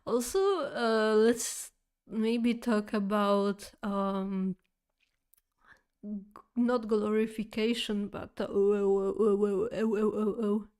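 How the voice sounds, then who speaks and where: A woman streamer telling a story to her chat in an easy, unhurried way. She rambles, trips over her words and restarts often, with plenty of fillers and little giggles. Her voice sits at a middle pitch. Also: flat delivery, darkish tone, clear, resonant tone.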